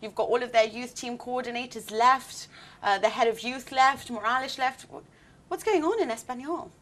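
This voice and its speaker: A woman hosts a relaxed football discussion show, steering the talk with lively, pointed questions. Her voice sits fairly high. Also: moderate pace. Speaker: show host. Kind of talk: casual studio discussion.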